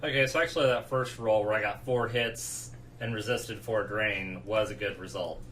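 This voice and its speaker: A man's voice: fairly low pitch, fairly even intonation, normal speed, a bit bright, a little hiss or hum, rough recording. A man playing at a tabletop game, thinking aloud about his dice rolls. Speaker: player. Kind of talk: casual chat at a tabletop game.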